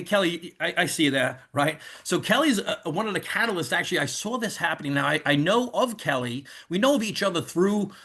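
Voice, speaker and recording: A man's voice: on the high side, fairly bright tone, slightly rough. A man in his fifties with a New York accent hosting an online info session in a rambling, conversational way. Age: 50s. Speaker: host. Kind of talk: casual online presentation.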